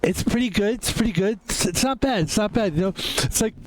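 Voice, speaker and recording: A man's voice: sits high, fairly quick, voice pushed up, natural voice. A man putting on an impression of a brash film director, rambling, repeating "okay" and swearing on a pretend phone call. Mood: needling. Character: brash fast-talking famous film director, man, middle-aged.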